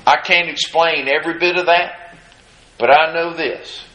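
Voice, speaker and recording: A man's voice: fairly high pitch, fairly even intonation, unhurried, bright, forceful tone, reverberant, slight background noise, rough recording. A man preaching a sermon, impassioned and repetitive, with emphatic refrains and many restarts.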